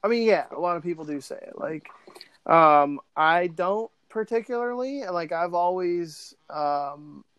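A man's voice: high voice, lively intonation, unhurried, fairly bright tone, clear, resonant tone, dry recording. A man in casual chat, rambling with many likes and ums. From Pittsburgh area.

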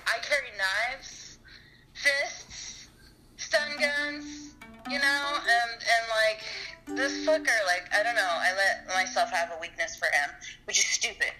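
Bright, rambling, foul-mouthed woman caller. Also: medium pitch, low-quality recording. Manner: rambling, profane, emotional storytelling. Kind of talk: casual live-stream call.

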